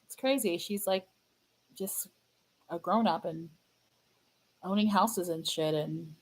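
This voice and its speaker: A woman hosting her own fan channel, chatting casually and sadly to viewers, halting and repeating herself with many fillers. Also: lowish voice, rough recording. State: sad, grieving. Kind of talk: casual livestream chat to viewers.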